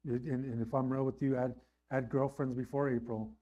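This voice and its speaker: A man's voice: medium pitch, level tone, a little fast, warm tone, muffled recording. A man preaching a sermon in an earnest, conversational way, often checking in with his listeners. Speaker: pastor.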